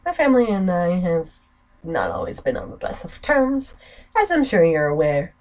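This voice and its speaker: A woman's voice: lowish voice, big pitch swings, moderate pace, darkish tone, poor audio. A woman reading the part of a bitter, scheming young nobleman in a game, in her own voice with an American accent.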